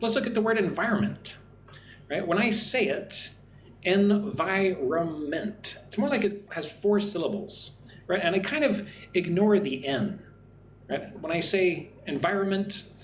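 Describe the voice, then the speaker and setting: Man, English teacher on a livestream, slightly high voice, friendly and repetitive, roomy echo. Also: slight background noise. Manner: friendly, repeats "right?" often, slow careful modelling of words. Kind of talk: live-streamed English lesson. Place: home in Vietnam. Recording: echoey room with faint ambience.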